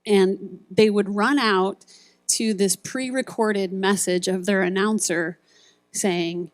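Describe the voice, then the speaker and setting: A woman's voice: medium pitch, steady tone, slow pace, dry recording. Woman preaching a retreat message, dry close sound. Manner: storytelling, acts out quoted voices and buzzer sounds. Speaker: speaker at a ministry retreat. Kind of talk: sermon.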